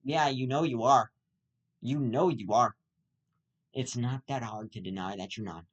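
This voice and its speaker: Male comic ranter, mid-pitched, stammering, heavy swearing. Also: unhurried, dull audio. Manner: angry ranting with profanity, stammering restarts. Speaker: comedic ranter. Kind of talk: comic rant.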